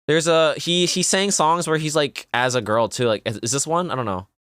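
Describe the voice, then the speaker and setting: A man's voice: a little high, normal speed, a bit bright, clean tone, no echo, clean studio sound. A young man streaming live, chatting loosely with lots of "like" while reacting to clips. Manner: casual, rambling, filler-heavy.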